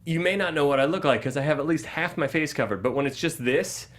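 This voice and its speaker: A man's voice: a little high, fast, fairly bright tone. A man co-hosting a casual movie review podcast, recapping scenes and mimicking the characters' lines. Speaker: podcast co-host.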